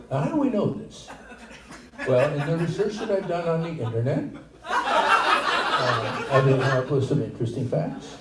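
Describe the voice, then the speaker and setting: An older man doing a stand-up set, with a halting, rambling delivery full of restarts. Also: mid-range voice, very animated, a crowd in the background. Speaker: stand-up comedian. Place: comedy theater stage, live audience. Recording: echoey room, far from mic, noisy.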